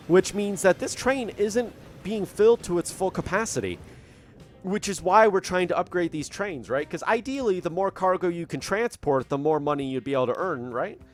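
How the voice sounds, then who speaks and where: A young man talks through his gameplay in a lively, up-and-down voice pitched a little high for a man. He is chatty and self-mocking, thinking aloud with restarts into a desk microphone at home, and soft game music plays underneath. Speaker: gaming channel host. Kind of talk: casual gameplay commentary. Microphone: desk microphone at a computer.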